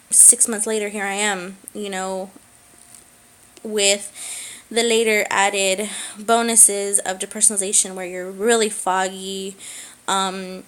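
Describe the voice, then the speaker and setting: A young woman speaking in a halting personal vlog, with many pauses and fillers, close to tears. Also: mid-range voice, a bit bright, slight background noise, rough recording. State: tearful. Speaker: vlogger.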